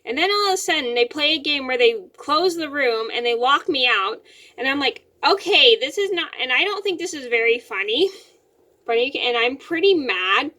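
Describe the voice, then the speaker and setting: A young woman with a bright, sharp voice pitched a little high tells a story to camera from her bedroom. She rambles, repeats words and restarts phrases, with plenty of fillers as she goes. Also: animated, moderate pace. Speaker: vlogger.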